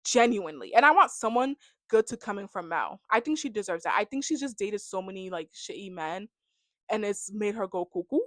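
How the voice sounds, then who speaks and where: A young woman ranting casually about a reality show, full of "like" and animated reactions. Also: mid-range voice, brisk, no room sound. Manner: chatty, heavy on "like", animated reactions. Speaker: reality TV recap vlogger. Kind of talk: casual rant to camera.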